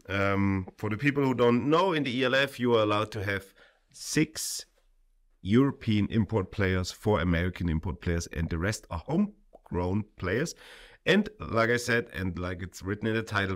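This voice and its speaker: Young male stream host, low-ish voice, tired, loose and chatty. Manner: relaxed, rambling with fillers. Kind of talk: casual livestream chat.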